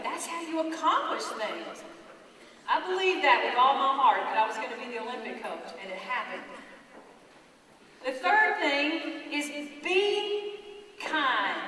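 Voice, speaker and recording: A middle-aged woman giving a motivational school talk in a folksy, animated way, full of rhetorical questions. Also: sits high, slight background noise. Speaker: guest speaker. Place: school auditorium. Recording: echoey hall from far off, faint crowd.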